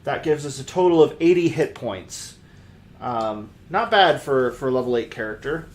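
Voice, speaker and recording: A man's voice: medium pitch, lively intonation, moderate pace. A man hosting a casual tabletop character-building show, reading out dice rolls in an easygoing way. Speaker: podcast host, character builder.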